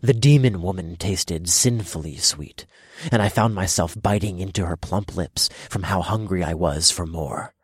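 A man narrating a first-person erotic story in low, measured storytelling. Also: slightly rough, dry recording, clean studio sound.

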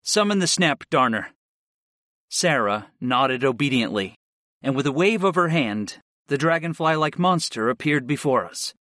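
A man narrating a fantasy audiobook in the first person, telling it in a steady, expressive way. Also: medium pitch, moderate pace, dry recording, clean studio sound.

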